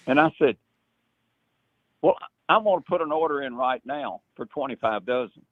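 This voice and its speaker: An older man telling animated stories in casual talk, doing quick high-pitched impressions of other people. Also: no echo. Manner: animated storyteller, imitates others in a high excited voice. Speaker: guest. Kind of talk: storytelling in casual chat. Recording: dry tinny phone-like line.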